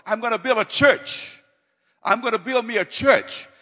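A man preaching with a high, bright, ringing voice that swings from quiet teaching to loud, fervent repetition. His voice echoes with a long reverb, as in a large hall. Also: moderate pace. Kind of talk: sermon.

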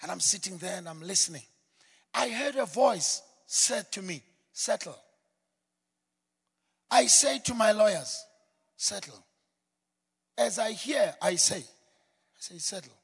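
A man giving a preaching testimony in a church hall, telling his story dramatically and swinging from quiet asides to shouted peaks. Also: sits high, lively intonation, normal speed, vocal fry, husky. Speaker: guest speaker giving a testimony. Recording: long hall reverb.

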